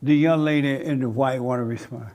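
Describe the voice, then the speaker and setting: A man leading a church question-and-answer session, brisk and teasing as he calls on people. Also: mid-range voice, steady tone, darkish tone. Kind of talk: casual church discussion.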